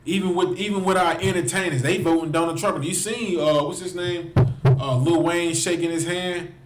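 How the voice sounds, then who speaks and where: Male street preacher, fiery and repetitive, voice on the high side, roomy echo. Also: fairly even intonation, moderate pace, heavy background noise. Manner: impassioned, repeats phrases, addresses listeners directly. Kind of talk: heated preaching to a livestream.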